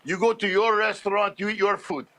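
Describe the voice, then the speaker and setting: A man imitating his gruff Greek immigrant father, who barks and scolds as he throws people out of his diner. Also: high-pitched, fairly even intonation, a little fast, bright, forceful tone. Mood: scolding. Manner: scolding, blustery, barking orders.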